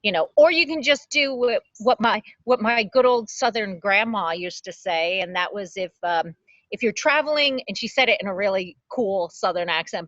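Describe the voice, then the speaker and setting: A woman's voice: medium pitch, expressive, normal speed, a bit bright, dry recording, lo-fi sound. A woman co-hosting a local public access talk show, chatting in a playful, upbeat way. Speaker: co-host. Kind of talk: casual chat.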